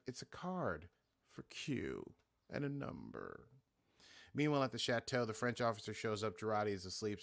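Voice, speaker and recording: A man's voice: mid-range voice, a bit bright. A man hosting a podcast, casually recapping a TV episode in a loose, rambling way, acting out lines with lots of fillers. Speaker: podcast host.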